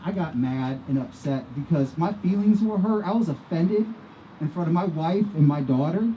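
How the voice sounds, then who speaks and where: A man's voice: a little high, animated, normal speed, muffled recording, a little hiss or hum. A man from Iowa giving an earnest personal testimony as a speaker at an outdoor vigil, repeating himself as his feelings rise. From Iowa, USA. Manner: earnest, impassioned storytelling with repetitions.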